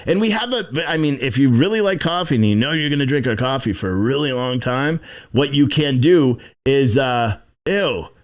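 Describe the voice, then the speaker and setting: A man's voice: mid-range voice, lively intonation, moderate pace. A man hosting a casual livestream from inside his shop, rambling and swearing as he reads chat comments and plugs his business. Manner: rambling, profane, plugging his own business. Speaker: livestream show host.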